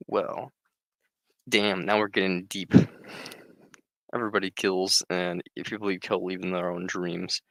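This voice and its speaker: A man's voice: deep voice, level tone, measured pace, vocal fry, long pauses, fairly bright tone, dry recording, low-quality recording. A man casually reading a book aloud and commenting, rambling and swearing, with many filler words. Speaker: reader and commentator.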